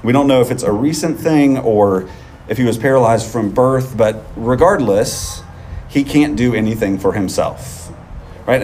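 A man preaching a sermon in a relaxed, conversational way, often checking in with the listeners with a quick "right?". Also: medium pitch. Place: outdoors on a field.

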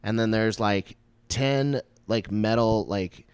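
A man, a stand-up comic, telling a story in casual chat, animated and full of swearing and "like" fillers. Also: lowish voice, slow pace, clean tone, dry recording. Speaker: stand-up comedian.

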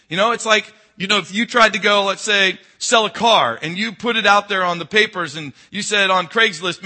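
A male pastor, preaching a sermon that moves between emphatic, loud passages and low, quiet intensity.

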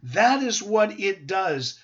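A man's voice: sits high, very animated, slow pace, dull audio. A man pastor teaching a verse-by-verse Bible sermon, earnest and emphatic, with rhetorical questions to his listeners.

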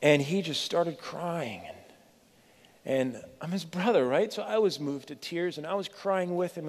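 A middle-aged pastor with a fairly high voice preaches earnestly, pleading with his listeners and leaning on dramatic pauses. His voice rings with the long reverb of a church hall. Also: darkish tone. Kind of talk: sermon.

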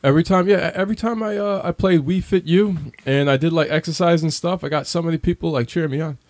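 Upbeat man co-host, somewhat high voice, dry close mic. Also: quick pace, a little mellow, dry recording. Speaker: podcast co-host. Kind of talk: casual gaming chat.

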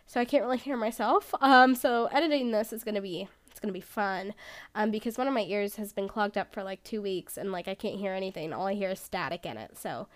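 A woman's voice: medium pitch, fairly quick. A woman hosting her own podcast in casual solo chat, rambling and self-deprecating, with lots of "like". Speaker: podcast host.

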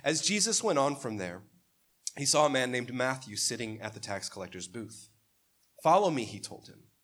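A pastor preaches in a conversational, animated style, frequently putting questions to the congregation. His voice is mid-range and his speed normal.

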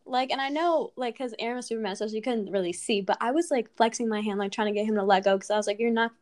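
A young woman, a podcast guest, chatting casually and telling her side of a story with quick asides. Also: a little high, darkish tone.

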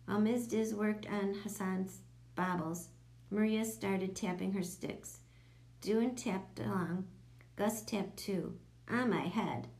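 A woman narrating a children's audiobook in a lively, expressive way. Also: mid-range voice, slow.

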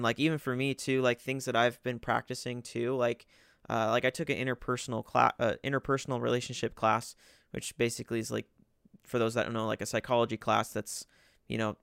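Gravelly young man, dry close sound. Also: mid-range voice, fairly bright tone, no echo. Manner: thoughtful, explanatory, filler-heavy. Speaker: podcast co-host. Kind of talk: casual podcast chat.

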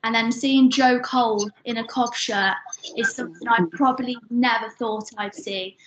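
Higher-voiced chatty woman, muffled line. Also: fairly even intonation, moderate pace. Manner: chatty, nostalgic, laughs. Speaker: guest. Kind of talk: casual fan chat. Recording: muffled with faint background noise.

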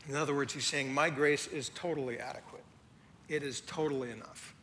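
A man, a lead pastor, preaching a sermon in a conversational way that swings from animated to hushed. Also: medium pitch, fairly quick, slight background noise. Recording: long hall reverb, faint ambience.

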